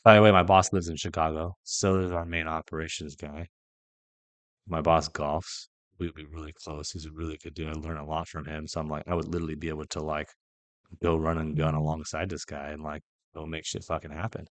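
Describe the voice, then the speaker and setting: Young man, very low voice, dry close sound, rambling candid storytelling, podcast host. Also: flat delivery, a little fast, no room sound. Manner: rambling, with many restarts and quoted dialogue; candid, swears casually. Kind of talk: casual faith podcast monologue.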